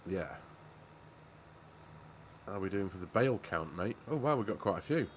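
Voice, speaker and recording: Chatty man with a low voice. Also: expressive, normal speed, a little hiss or hum. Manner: jokey, chatty, says mate a lot, reads chat messages aloud. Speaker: co-host of a farming game livestream. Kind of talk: casual live-stream chat.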